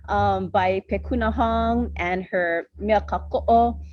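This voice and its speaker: A woman gives closing thanks, pausing often on fillers. Her voice comes across dry and dull, as if through a lo-fi connection, with no room sound at all. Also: mid-range voice, steady tone, dry recording. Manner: hesitant, with frequent fillers. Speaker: closing speaker. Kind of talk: thank-you remarks.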